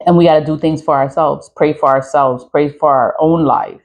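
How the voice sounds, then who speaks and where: A woman's voice: low-pitched, steady tone, moderate pace, few pauses, dull audio. A woman in her forties speaking frankly to her phone camera in a casual vlog rant, swearing and laughing often. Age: 40s. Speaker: online creator.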